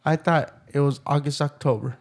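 A man's voice: on the high side, fairly even intonation, normal speed. A young man in casual, profane chat, rambling through a story and acting out both sides of the talk.

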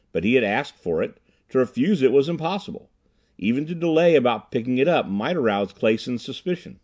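A man reading a classic adventure story aloud in a measured, unhurried storytelling manner. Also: mid-range voice, darkish tone. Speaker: audiobook narrator. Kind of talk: scripted narration.

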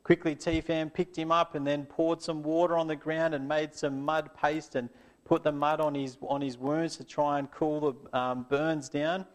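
Man, children's story reader, fairly high voice, gentle, closing prayer. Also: level tone, normal speed.

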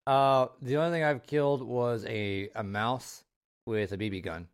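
A man's voice: medium pitch, steady tone, moderate pace, clear, resonant tone. A man from Texas co-hosting a podcast in casual chat, joking, swearing easily and laughing often. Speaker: podcast co-host.

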